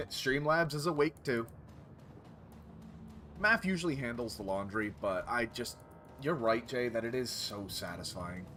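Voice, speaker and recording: Lively chatty streamer man. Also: medium pitch, unhurried, long pauses, music in the background. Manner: chatty, self-correcting, reacts to chat. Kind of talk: casual game stream chat and narration.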